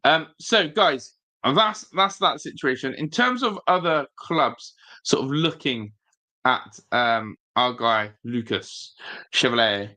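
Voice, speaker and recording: A man's voice: on the high side, expressive, slow pace, sharp tone. A man hosting a football fan live stream, chatting loosely, rambling with fillers and reading out viewer comments. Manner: chatty, rambling, reads viewer chat aloud. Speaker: football fan channel host. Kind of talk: live-stream casual chat.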